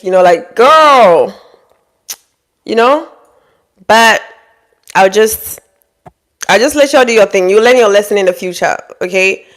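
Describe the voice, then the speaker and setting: A woman talking straight to her audience with relationship advice, bluntly scolding and acting out quoted people in high mock voices. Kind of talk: direct-to-camera advice monologue.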